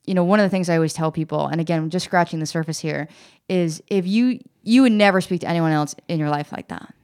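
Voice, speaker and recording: A woman co-hosting a casual self-help podcast, talking earnestly and encouragingly to listeners. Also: fairly low pitch. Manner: earnest, encouraging, retells scenes in quick voices. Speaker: podcast co-host.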